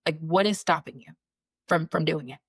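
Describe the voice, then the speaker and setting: A woman's voice: low-pitched, moderate pace, slightly rough, no echo. A woman in her thirties, a career coach hosting her own show, talking earnestly and repeating phrases for emphasis. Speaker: career coach and podcast host. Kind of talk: motivational solo talk.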